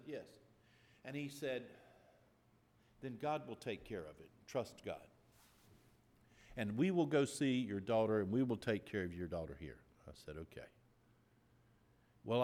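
A male pastor telling a personal story in a sermon, earnest, with sudden loud bursts when he acts out voices. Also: mid-range voice. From Ukraine. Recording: long hall reverb.

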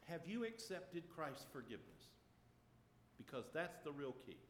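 A male pastor telling a personal story in a sermon, earnest, with sudden loud bursts when he acts out voices. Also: on the high side, very animated, normal speed, a little hiss or hum. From Ukraine. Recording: long hall reverb.

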